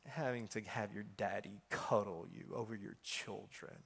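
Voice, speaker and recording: A man voicing a scornful male demon in a hushed, half-whispered sneer during a sermon. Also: lowish voice, steady tone, moderate pace, creaky, slightly rough, voice pushed down, exaggerated voice.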